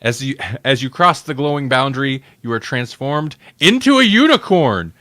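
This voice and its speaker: A man co-hosting a podcast, reading a gamebook aloud in a lively way and stumbling over words. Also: medium pitch, normal speed, background noise.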